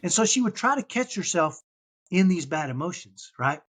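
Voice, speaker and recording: Man, fifties, husky, slightly high voice, earnest storyteller, keeps asking "right?". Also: very animated, moderate pace, a bit bright. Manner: earnest, tags points with "right?". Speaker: podcast guest.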